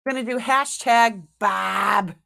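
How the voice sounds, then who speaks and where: A woman with a Boston accent hosts a live-streamed sale. She talks in an unhurried, chatty way and narrates each click as she works, with her pitch sitting in a middle range. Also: creaky. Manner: chatty, talks to herself while working the screen; excited squeals when announcing a winner.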